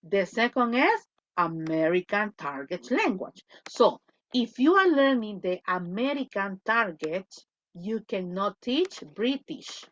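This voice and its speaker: In a slow, medium-pitched voice, this lively Spanish-speaking woman teaches English in an online lecture, moving between both languages. She repeats her points and checks in with "okay?" Recording quality is dull and lo-fi.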